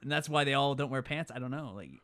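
A man talking in a casual chat, laughing often and acting out characters in quick funny voices. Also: mid-range voice, a bit bright.

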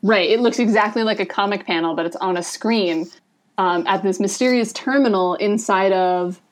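A woman in a relaxed podcast chat at an average pitch for a woman. She talks the story through conversationally and explains each point, dropping in plenty of "um" and "like" as she goes. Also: normal speed. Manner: chatty and explanatory, with frequent "um" and "like". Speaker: podcast co-host. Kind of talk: casual discussion of a comic.

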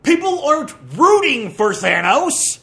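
A man hosting a podcast, ranting through a movie review in an animated, exasperated way with crude jabs. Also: very high voice, measured pace, vocal fry. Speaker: podcast host.

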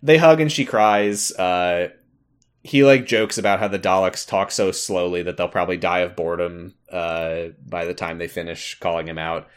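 A man co-hosting a podcast, recapping an episode in a wry, deadpan way with casual fillers. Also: sits low, normal speed, smooth. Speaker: podcast co-host.

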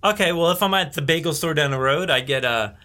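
A man co-hosting a podcast in casual chat, animated and swearing, often jumping into high put-on voices for bits. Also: fast. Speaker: podcast co-host.

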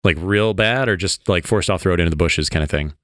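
A man hosting a podcast in casual chat, reacting with quick interjections and laughs. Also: low voice, fairly bright tone, dry recording, clean studio sound. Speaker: podcast host.

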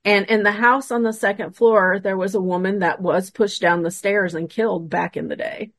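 A woman guest tells a story from a paranormal investigation in a casual, lively voice, acting out what each person said. Her pitch sits in the middle range. The sound is dry and close, with no room echo. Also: normal speed. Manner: animated retelling, acting out quoted dialogue.

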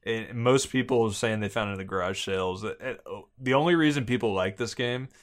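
A young adult man with a lowish voice co-hosts a casual board game podcast. He talks in a measured, hedging way and often restarts his sentences. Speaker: podcast co-host reviewing board games. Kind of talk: casual chat.

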